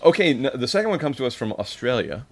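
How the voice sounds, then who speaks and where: A man's voice: medium pitch, very animated, fast. A man co-hosting a comedy podcast, playfully quizzing his partner on odd phrases and laughing often. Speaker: podcast co-host. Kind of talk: casual comedic chat.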